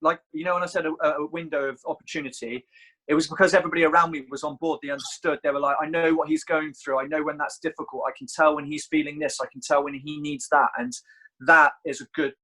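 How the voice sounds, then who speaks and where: A man's voice: fairly high pitch, little pitch movement, quick pace, bright, forceful tone, low-quality recording. Earnest rambling trainer, man. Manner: rambling, restarts often, earnest. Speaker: personal trainer. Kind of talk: casual podcast chat.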